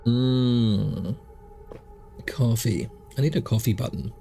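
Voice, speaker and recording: A man's voice: medium pitch, slow, gravelly, warm tone, soft background music. Rambling man narrating a game. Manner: rambling, self-mocking asides. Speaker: gaming streamer. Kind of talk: let's play commentary reading game text aloud.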